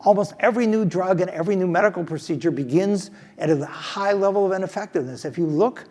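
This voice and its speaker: An older professor with a husky voice that sits a little high for a man. He talks through his answer in a fireside chat, thoughtful and emphatic, often breaking off and restarting his sentences. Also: quick pace, darkish tone, big-room sound. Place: stage at a business school event.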